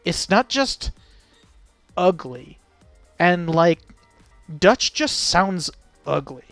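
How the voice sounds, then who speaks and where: A man's voice: high voice, big pitch swings, very slow, a bit bright, dry recording, faint music behind. A man casually reacting to a video on stream, rambling and joking with frequent laughs and fillers. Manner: rambling, jokey, laughs often, lots of fillers. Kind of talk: casual chat.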